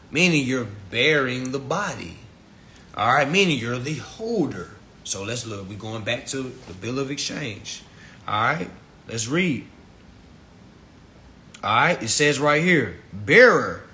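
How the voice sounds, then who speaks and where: Profane ranting man, swinging loud and low. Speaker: social media lecturer. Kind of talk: ranting Instagram live talk. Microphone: phone.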